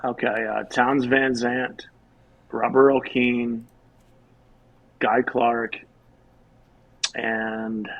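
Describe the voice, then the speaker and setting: A man's voice: mid-range voice, little pitch movement, drawn-out words, vocal fry, long pauses, muffled recording. A man from Texas, a singer-songwriter guest on a podcast, talking casually, swearing easily and telling jokes. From Houston, Texas. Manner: laid-back, swears casually, tells jokes.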